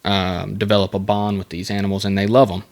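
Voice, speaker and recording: A man's voice: fairly low pitch, level tone. Rambling, jokey man hosting a podcast. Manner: reads facts aloud, then breaks off into rambling jokey asides; halting, with many fillers and restarts. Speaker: podcast host. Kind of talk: casual solo podcast.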